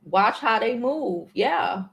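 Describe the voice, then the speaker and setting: A woman in her forties hosts a casual livestream chat, talking straight to her viewers with blunt, slang-heavy advice and the odd curse. Her voice sits a little higher than most women's. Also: animated, slow pace, gravelly, fairly bright tone, slightly rough, dull audio. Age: 40s. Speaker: livestream host.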